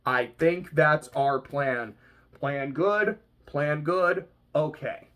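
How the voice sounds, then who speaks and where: A reaction vlogger talking casually about a book they are reading, animated, often laughing and swearing casually. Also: medium pitch, drawn-out words.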